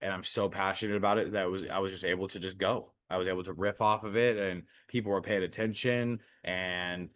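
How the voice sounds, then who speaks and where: Earnest low-voiced man on a podcast. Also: fairly even intonation, fairly quick, few pauses, fairly bright tone, no room sound, studio quality. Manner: earnest, reflective, speaks from personal experience. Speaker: podcast co-host. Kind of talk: casual podcast chat.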